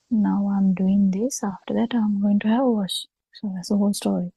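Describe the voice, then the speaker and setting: A woman gives a slow dharma talk over a video call, pausing often between phrases. Her voice is very dark, gravelly and somewhat husky, and the sound is dry and close. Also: medium pitch, fairly even intonation, dry recording, dull audio. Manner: slow, halting explanation with frequent pauses. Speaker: Buddhist teacher.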